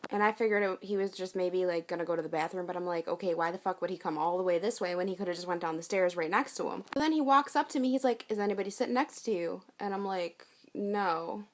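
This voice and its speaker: A woman's voice: lowish voice, quick pace, few pauses. A young woman telling a storytime vlog in a blunt, profane, casual way, acting out what she and others said. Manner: blunt, profane, with acted-out quotes. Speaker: vlogger.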